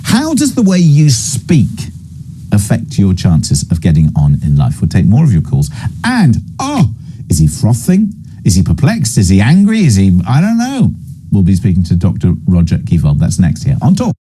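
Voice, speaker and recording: Deep-voiced bantering talk host. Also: male voice, huge pitch swings, moderate pace, mellow, slightly rough. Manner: bantering, chatty, digressive. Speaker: radio and TV talk show host. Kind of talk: breakfast talk show presenting.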